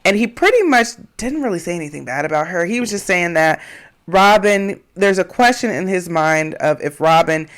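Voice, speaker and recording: A woman's voice: on the low side, animated, normal speed. A woman co-hosting a casual reality-show recap podcast, summing up the episode's events in a plain-spoken way. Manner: summarizing plot points, plain-spoken. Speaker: podcast co-host.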